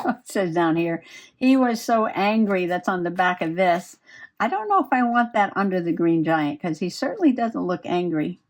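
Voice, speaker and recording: A woman's voice: fairly low pitch, sing-song, moderate pace. A woman chatting and giggling as she works on a craft project. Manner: chatty, giggly, talks while working. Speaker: crafting vlogger. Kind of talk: casual crafting chat.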